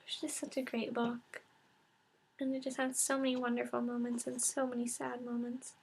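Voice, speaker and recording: A woman records a casual book review, half-whispering and close to tears as she talks. Her voice sits fairly high but stays flat, with a lot of gravelly fry. She pauses often and restarts her sentences. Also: a little hiss or hum.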